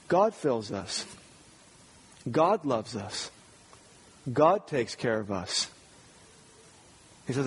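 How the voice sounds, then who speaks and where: A man's voice: medium pitch, big pitch swings, takes it slowly, long pauses, slightly rough. A man preaching a sermon, earnest and talking to the congregation with rhetorical questions. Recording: long reverb of a large hall.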